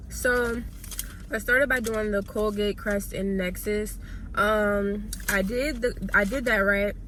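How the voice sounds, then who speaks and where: A woman's voice: mid-range voice, fairly bright tone, slight background noise. A young woman who is a little sick, chatting casually to her viewers from her car and counting off her shopping finds. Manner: chatty, tallies items aloud, addresses viewers directly. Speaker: couponing vlogger. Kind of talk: casual vlog chat. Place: parked car.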